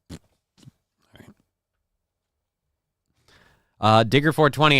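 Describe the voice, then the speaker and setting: Low, smooth-voiced man rambling on a livestream. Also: measured pace, fairly bright tone, no room sound, studio quality. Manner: rambling, profane, self-deprecating. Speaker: livestream show host. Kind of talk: casual livestream chat, reading viewer comments. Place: home.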